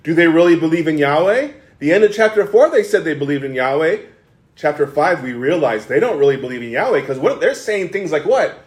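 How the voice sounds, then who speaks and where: A man preaching an expository sermon as pastor, animated, often restarting sentences and acting out quoted lines. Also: fairly high pitch, brisk. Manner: animated, acts out quoted speech with frequent restarts. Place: church sanctuary. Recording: echoey church room.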